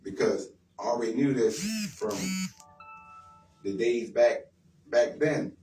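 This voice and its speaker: A man's voice: medium pitch, slow, over music. A man hosting a casual radio talk, speaking bluntly and encouragingly, with street slang and repetition. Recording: roomy sound from far off the mic with faint noise.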